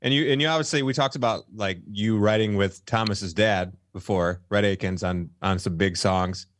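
A man's voice: on the low side, steady tone, moderate pace, a bit bright, slight background noise. Friendly stumbling podcast host, man. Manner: friendly, stumbling questions, laughs easily. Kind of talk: casual interview chat.

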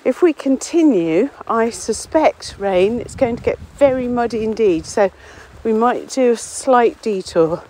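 A woman's voice: on the high side, expressive, measured pace, hardly any pauses, dark tone, poor audio. A woman rambles cheerfully while walking through trees on a windy common, a little out of breath. She talks in a chatty, self-deprecating way, and faint outdoor noise sits behind her voice. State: slightly out of breath. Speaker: local author and podcast contributor. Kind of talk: casual spoken diary on a walk. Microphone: phone or portable recorder, no headphones.

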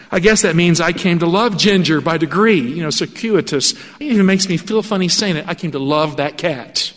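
A male pastor telling a story in a sermon, animated and acting out the voices of the people in it. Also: fairly high pitch. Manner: animated storytelling with acted-out quotes. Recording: long hall reverb.

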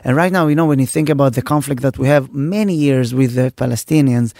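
A man's voice: mid-range voice, rapid-fire, creaky, a little mellow, no echo, clean studio sound. A man with an Israeli accent, a comedian co-host joking in casual talk-show banter.

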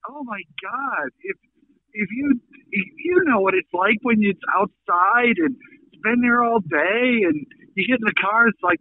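A man from Minnesota hosting a casual radio chat, telling stories with drawn-out emphasis. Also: very high voice, animated, no echo. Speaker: radio host. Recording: phone-line sound.

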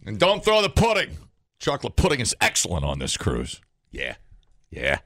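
A man's voice: lowish voice, huge pitch swings, moderate pace, a bit bright, no echo, clean studio sound. A man hosting a morning radio show, reading news items aloud with sarcastic wisecracks in casual banter.

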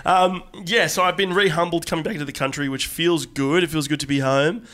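A young man co-hosting a comedy podcast, telling stories in a casual, animated way that builds in excitement. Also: fairly high pitch, a little fast. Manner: animated storytelling, rising excitement. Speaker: podcast co-host.

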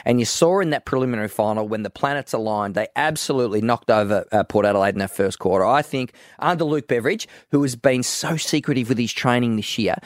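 A man, co-hosting a radio sports show in casual, animated chat. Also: medium pitch, fast talker, hardly any pauses, no room sound, clean studio sound. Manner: animated, argumentative. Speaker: radio co-host.

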